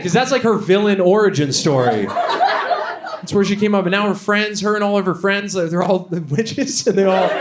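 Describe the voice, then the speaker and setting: On a comedy stage before a live audience, a young Canadian man delivers a stand-up set, ranting profanely with plenty of fillers. His voice is a little high, and the recording is very noisy.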